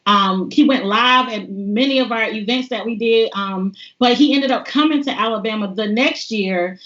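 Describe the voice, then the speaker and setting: Animated woman telling stories. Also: fairly high pitch, moderate pace, highs cut off. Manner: animated, laughing storyteller. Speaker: voting organizer guest. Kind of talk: casual interview storytelling.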